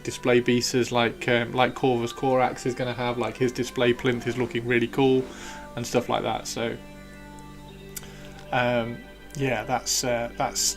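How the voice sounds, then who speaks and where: A man's voice: medium pitch, fairly bright tone. A man livestreaming while painting miniatures, chatting casually and rambling with many fillers and restarts.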